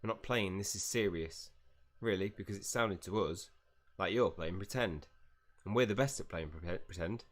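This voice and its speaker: This man streams a game live, chatting casually, voicing the in-game dialogue and frequently laughing. He speaks in a low-pitched voice at a moderate pace as he provides the commentary.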